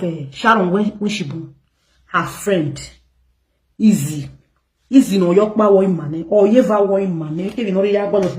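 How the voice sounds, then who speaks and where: A woman's voice: fairly low pitch, a little mellow. Scolding Nigerian woman in an echoey room. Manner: emphatic, scolding, repeats words for stress. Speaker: online gossip show host. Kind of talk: ranting commentary to viewers.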